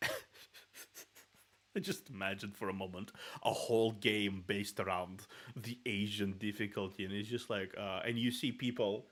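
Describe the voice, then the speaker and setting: Man, Russian accent, rolled R's, lowish voice, rambling streamer talk, laughs, restarts. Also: steady tone, measured pace, a bit bright. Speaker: VTuber streamer. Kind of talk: casual reaction stream.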